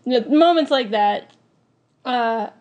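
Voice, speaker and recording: Young woman, higher voice, upbeat storyteller, casual guest. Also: slow, highs cut off. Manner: bubbly, animated storytelling with laughs. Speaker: cosplayer guest. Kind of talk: casual interview chat.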